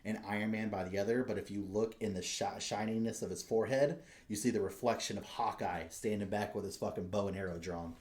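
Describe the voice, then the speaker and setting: A man co-hosting a podcast, telling stories in an excitable, profane casual chat. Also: fairly low pitch, fast talker, hardly any pauses, roomy sound, a little hiss or hum. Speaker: podcast co-host.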